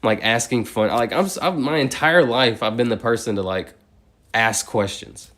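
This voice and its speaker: A man on a live stream counting numbers aloud, breaking into chatty tangents packed with "like". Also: medium pitch. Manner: fast, steady number recitation broken by chatty tangents full of "like".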